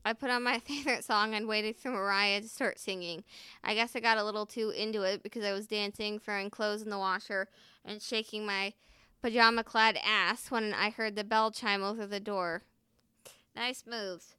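A woman's voice: medium pitch, fairly even intonation, normal speed, sharp tone, smooth, no echo. A woman vlogger who chats casually and swears freely, then reads her own story aloud.

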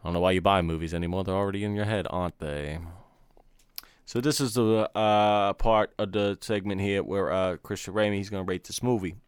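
Lower-voiced, teasing podcast host man. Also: fairly quick, smooth, no echo. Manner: teasing, sarcastic. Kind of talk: casual chat.

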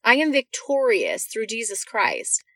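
A woman's voice: on the high side, wildly swooping pitch, a little slow, bright, forceful tone, dry recording. A woman giving an earnest devotional talk to women, reading scripture verses and speaking directly to her listeners with encouragement.

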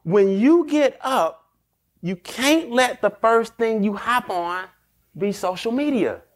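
Animated and street-wise, this podcast host gives motivational advice in a voice that sits high. He laughs frequently and acts out brisk exchanges.

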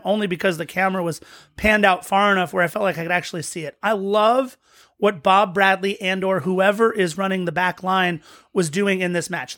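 A man's voice: high-pitched, a bit bright, dry recording, studio quality. A man co-hosting a podcast, talking through a soccer match in an eager, rambling way with frequent restarts. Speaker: podcast co-host. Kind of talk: casual match-recap chat.

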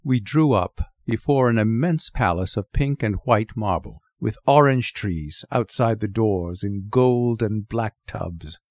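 A man narrating a short story in an expressive, wry storybook reading. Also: on the low side, measured pace, few pauses, no room sound, clean studio sound. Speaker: narrator, reader.

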